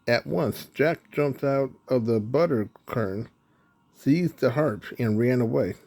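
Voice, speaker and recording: A man narrating a children's storybook in a slow, even reading. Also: mid-range voice.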